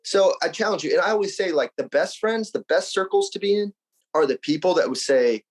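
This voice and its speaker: A man's voice: fairly high pitch, expressive, fairly quick, low-quality recording. A man from Arizona, a podcast guest, talking in an emphatic, slangy and upbeat motivational way. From Arizona, USA. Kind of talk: casual conversational interview.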